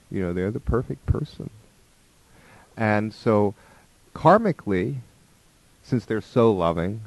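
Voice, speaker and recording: Low-voiced man giving a spiritual talk. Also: dry recording. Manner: conversational, acts out quoted voices. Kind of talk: spoken talk on relationships.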